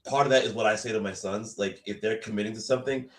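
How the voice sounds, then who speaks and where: A man's voice: lowish voice, steady tone, fast talker, a crowd in the background. A man talking reflectively and hesitantly on a casual show, restarting his sentences as he goes. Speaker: guest host. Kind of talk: casual podcast talk. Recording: echoey and distant mic.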